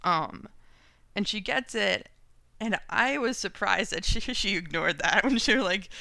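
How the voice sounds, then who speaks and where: A woman's voice: medium pitch, lively intonation, a little slow, gravelly, pushed and bright, no echo. A woman co-hosting a podcast in casual chat, talking with lots of fillers and laughing often. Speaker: podcast co-host.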